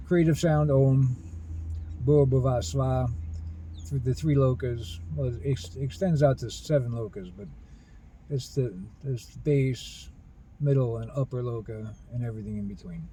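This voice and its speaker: A man talking in a rambling personal monologue about spiritual ideas, earnest and halting, with many restarts. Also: medium pitch, warm tone, a little hiss or hum, low-quality recording. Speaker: spiritual video host.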